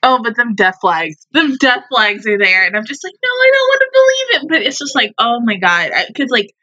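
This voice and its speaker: A young woman talks through her reaction to an anime episode. Her voice is bright and sits fairly high, and her pitch swings widely as she exclaims, swears and laughs through her casual commentary. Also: lively intonation, moderate pace, lo-fi sound.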